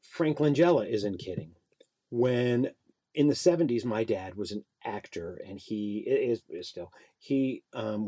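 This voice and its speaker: Animated male storyteller, husky and dark. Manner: animated storyteller, acts out voices with big pitch jumps. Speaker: guest, actor and puppeteer. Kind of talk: casual storytelling interview.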